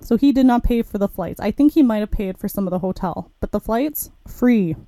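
In a brisk, mid-range voice, a young podcast host shares something that happened to her. She keeps it casual and frank, performing her own inner thoughts as quotes while she retells it.

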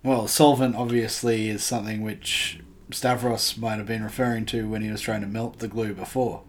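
Very low-voiced woman player. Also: level tone, normal speed, a little hiss or hum. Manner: thinking aloud, hesitant. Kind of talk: casual game chat.

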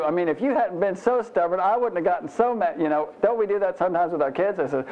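Male pastor, folksy and chatty, slightly higher voice, muffled sermon recording. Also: animated, brisk, few pauses, a little mellow. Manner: folksy, self-deprecating, frequent "you know" asides. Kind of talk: conversational Bible teaching sermon.

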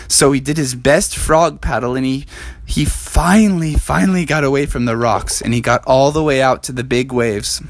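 A man telling an improvised bedtime story in an animated, rambling way. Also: on the high side, moderate pace, no room sound.

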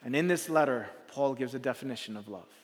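A man preaching a sermon as a pastor, telling a story with dramatic swings from loud to hushed and repeating his phrases for effect. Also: medium pitch, fast talker. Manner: repetitive rhetorical phrasing. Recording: long reverb of a large hall.

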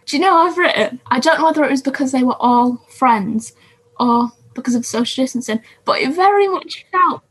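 A woman's voice: high voice, animated, a little fast, slightly rough. A woman co-hosting a casual podcast, chatting about TV shows from her notes. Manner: chatty, reads from notes, self-interrupting. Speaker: podcast co-host.

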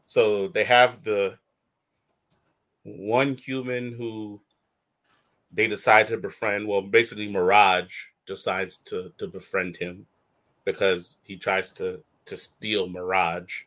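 Brief: bright, lively male talk-show host who riffs and laughs a lot. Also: deep voice, slow, pauses often. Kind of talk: casual chat.

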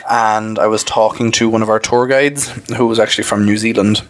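A man's voice: fairly low pitch, fairly even intonation, brisk. A man co-hosting a podcast, talking in a chatty, digressive way with frequent apologies and asides. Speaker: podcast co-host. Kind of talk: casual chat.

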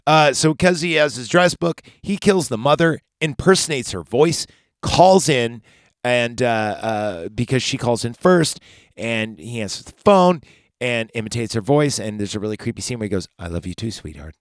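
A man's voice: mid-range voice, animated, normal speed, no echo, clean studio sound. A man hosting a podcast, casually recapping a film in a rambling, profane, sarcastic way. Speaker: podcast host.

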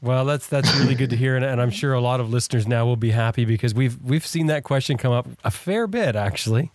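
A man's voice: medium pitch, quick pace, noisy background. A man hosting a casual group chat, teasing the others and steering the topic. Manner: friendly, teasing, steers the talk. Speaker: podcast host.

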